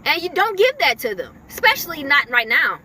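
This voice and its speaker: Very high-pitched woman giving spiritual messages. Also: sing-song, fairly quick, pushed and bright, slight background noise. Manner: chatty, filler-heavy, laughing often. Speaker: spiritual messenger.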